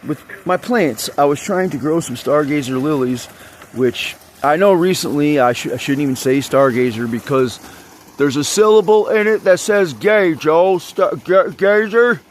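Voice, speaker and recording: A man's voice: medium pitch, a little hiss or hum. A man rambling and venting in an agitated monologue, swearing heavily as he talks. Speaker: vlogger.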